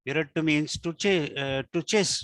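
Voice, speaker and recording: A man tutoring one student casually, halting with many fillers and restarts. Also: on the high side, fairly bright tone, no echo. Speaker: language teacher.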